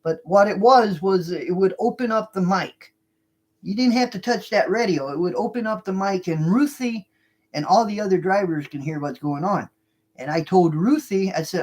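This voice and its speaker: A former cab driver casually telling a story to truckers. The speaker talks in an animated way, repeating lines and restarting sentences. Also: mid-range voice, moderate pace. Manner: animated, repeats lines and restarts while retelling a tense event.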